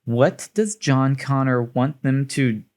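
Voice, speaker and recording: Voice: medium pitch, lively intonation, slow, darkish tone. A podcast co-host in casual film chat, exasperated and firing off rhetorical questions.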